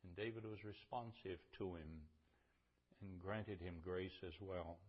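A man's voice: deep voice, unhurried, lo-fi sound. A man preaching a sermon, retelling scripture in a conversational way and building to fervent emphasis.

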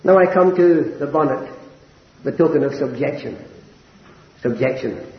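An older man preaching a sermon, earnest and climbing to high, impassioned emphasis. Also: a little slow, slight background noise. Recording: roomy, dull lo-fi sermon recording.

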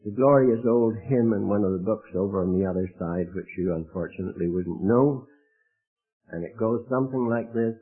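A man preaching a sermon, emphatic and rising to loud, high exclamations. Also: moderate pace, breathy edge. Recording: tinny phone-like radio broadcast.

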